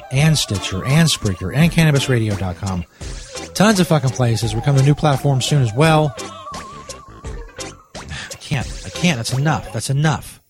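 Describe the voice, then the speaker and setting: Male comedy podcast host, mid-pitched, profane and exasperated, with faint music underneath. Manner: profane, exasperated, loud outbursts.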